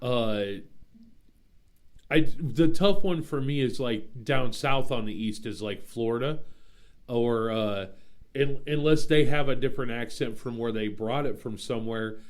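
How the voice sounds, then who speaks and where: A man hosting a podcast, chatting in a relaxed way, often laughing and trailing off with fillers. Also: medium pitch, unhurried. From Omaha, Nebraska. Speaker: podcast host. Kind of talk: casual podcast chat.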